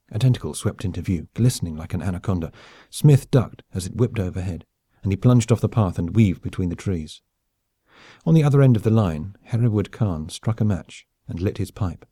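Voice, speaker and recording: Husky-voiced man narrating. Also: low-pitched, animated, fairly quick, dark tone, dry recording, clean studio sound. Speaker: audiobook narrator. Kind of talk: scripted narration.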